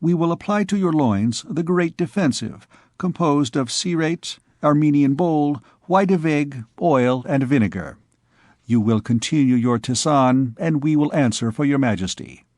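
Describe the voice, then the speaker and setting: A man voicing a greedy, cunning royal physician who speaks in a slow, pompous, wheedling way, in an audiobook reading. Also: a little high, lively intonation, a little mellow, dry recording, clean studio sound, natural voice.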